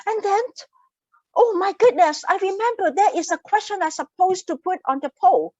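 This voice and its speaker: A woman's voice: very high-pitched, expressive, moderate pace, darkish tone, dry recording, lo-fi sound. A woman presenting an online wellness workshop, talking earnestly and repeating key phrases for emphasis. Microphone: laptop mic on a video call.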